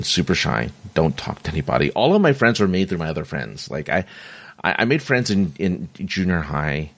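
Man, middle-aged, very deep voice, dry close sound, rambling casual monologue, self-interrupting, hiccups. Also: dry recording. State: has the hiccups. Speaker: vlogger sharing personal stories.

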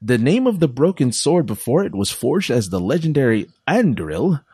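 A man's voice: mid-range voice, sing-song, moderate pace, warm tone, breathy edge, no room sound. A man co-hosting a podcast, reading quiz questions aloud in a casual, playful way and laughing often. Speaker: podcast co-host.

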